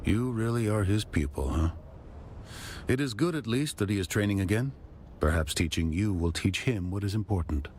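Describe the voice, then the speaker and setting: An actor playing a stern, gruff male swordmaster in a video game, curt and measured in speech. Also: low-pitched, a little hiss or hum. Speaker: game character.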